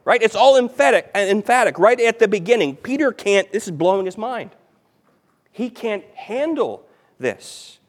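Emphatic preacher man, fairly high voice. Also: very animated, normal speed. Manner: emphatic, repeats key phrases, swings between loud stress and quiet. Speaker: pastor. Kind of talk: sermon.

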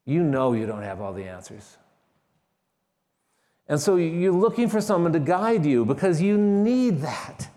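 A man's voice: fairly high pitch, big pitch swings, a little slow, mellow, long reverb tail. A man preaching a sermon, emphatic and repeating key phrases with shifting stress. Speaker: pastor.

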